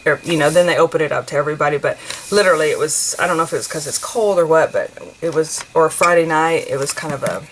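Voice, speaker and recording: A rambling, chatty woman in her forties, talking to viewers as she crafts, full of fillers and restarts. Her voice sits on the low side, with a faint hiss of noise behind it. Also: quick pace, rough recording. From United States. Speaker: craft vlogger. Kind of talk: casual chat while crafting.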